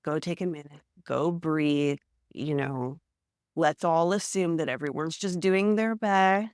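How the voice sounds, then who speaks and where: Frank, animated woman guest therapist. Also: sits low, unhurried, clear, resonant tone, no echo, studio quality. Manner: frank and animated, acting out examples with laughs. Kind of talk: casual podcast conversation.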